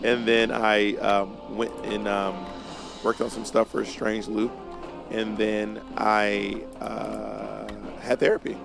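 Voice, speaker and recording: A man with a gravelly, creaky voice chats casually as a co-host. He talks in an animated, emphatic way and often restarts his sentences. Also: on the low side, slow, music in the background. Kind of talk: casual chat.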